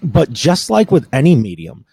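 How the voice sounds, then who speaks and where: A man's voice: mid-range voice, wildly swooping pitch, moderate pace, gravelly, dark tone, slightly rough, dry recording. A man hosting a podcast in casual chat, rambling with restarts and swearing. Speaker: podcast host.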